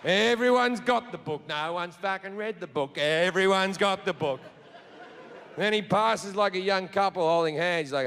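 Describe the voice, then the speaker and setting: A man's voice: high voice, moderate pace, fairly bright tone, clean tone. A male comedian performing a profane, sardonic stand-up story. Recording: live club with long reverb and crowd.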